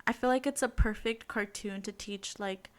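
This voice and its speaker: A woman's voice: medium pitch, fairly even intonation, moderate pace. A woman co-hosting a podcast who chats bluntly, swears casually, and reads out listener stories. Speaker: podcast co-host.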